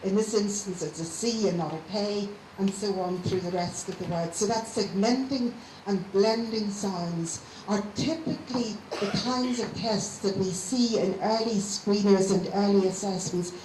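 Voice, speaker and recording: A woman lecturing to a class of teachers. She explains patiently and slows down to sound out the parts of words. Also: medium pitch, darkish tone. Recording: echoey room with faint hiss.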